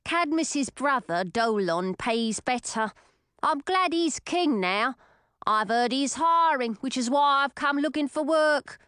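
A woman's voice: high-pitched, lively intonation, fairly bright tone, clean tone, dry recording, studio quality, pitched above the performer's own voice, heavily acted. A woman doing a whiny grown man. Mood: complaining. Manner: complaining, drawn-out.

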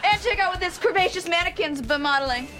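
A young woman co-hosting a comedy web show, wisecracking and deadpan. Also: extremely high pitch, fast. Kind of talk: scripted comedy sketch. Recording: music playing behind.

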